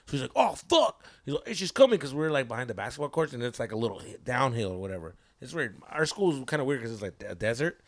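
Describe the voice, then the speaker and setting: A man, a podcast host telling a story in casual chat, profane and animated, acting out quotes. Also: mid-range voice, rapid-fire, hardly any pauses. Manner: animated, profane, laughs a lot, acts out quotes.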